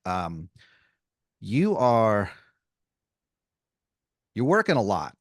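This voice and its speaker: A man hosting an improvised comedy podcast, laying out a long scenario with halting restarts. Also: on the low side, wildly swooping pitch, no echo, clean studio sound. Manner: rambling, hesitant setup full of restarts. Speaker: podcast host.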